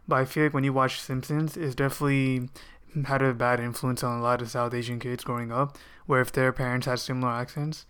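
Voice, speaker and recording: Brief: male co-host, measured and explanatory, monotone, smooth clear voice. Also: mid-range voice. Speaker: podcast co-host. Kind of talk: casual chat.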